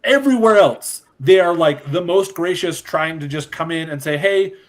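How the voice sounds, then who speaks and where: Measured man hosting casual podcast. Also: a little high. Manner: measured, hedging with "like". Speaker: podcast host. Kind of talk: casual chat.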